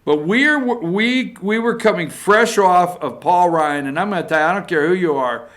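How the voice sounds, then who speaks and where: A man with a high-pitched, slightly bright voice, talking at normal speed, gives a political opinion monologue as a show regular. He presses his points forcefully, says them again and again, and punctuates them with "okay?"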